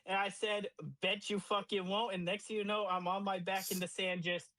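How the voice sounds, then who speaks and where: A young man in his twenties, co-hosting a podcast and telling a profane, animated party story with acted-out quotes. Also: high voice, moderate pace, no room sound, poor audio. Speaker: podcast co-host. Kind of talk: casual storytelling.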